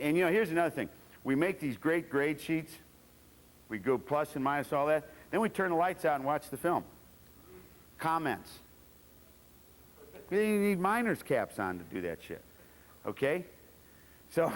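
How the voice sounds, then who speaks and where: A fired-up man coaching a room of football coaches, blunt and salty, jumping into his players' voices as he tells his stories. His voice sits on the higher side. The sound carries the long ring of a large hall. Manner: blunt, profane, animated storytelling with acted quotes of players. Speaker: football coach giving a clinic talk. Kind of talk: coaching clinic lecture.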